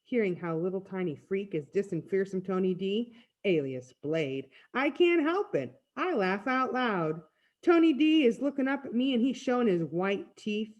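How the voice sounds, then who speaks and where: A woman reading a storybook aloud in first person, with expressive storytelling. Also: mid-range voice, moderate pace, muffled recording. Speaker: reader. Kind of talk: read-aloud storybook narration.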